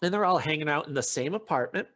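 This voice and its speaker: This podcast host talks fast in a fairly high, slightly bright voice full of animation. Recounting a story casually, the man acts out the quotes and keeps restarting his sentences.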